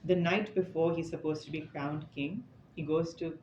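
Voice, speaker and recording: Before an audience indoors, a man with a slightly high, darkish voice tells stories in a relaxed scripture talk, adding casual asides as he goes. His intonation is fairly even and his pace moderate, and the recording sounds echoey and a bit dull, with faint noise.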